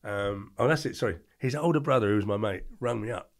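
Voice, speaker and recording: An older man, telling colourful anecdotes as a podcast guest in an animated, slangy way. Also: lowish voice, quick pace. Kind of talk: storytelling interview.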